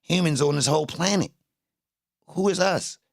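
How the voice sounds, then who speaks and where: Gravelly man in loose, profane commentary. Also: a little high, moderate pace, no room sound, clean studio sound. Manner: loose, emphatic, profane street talk. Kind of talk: casual streamed commentary.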